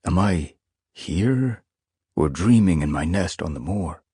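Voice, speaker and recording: A man reads as a gentle gray tomcat hero from a storybook, earnest and caring. His delivery is lively and husky, recorded close and dry. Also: low voice, takes it slowly, no echo, exaggerated voice.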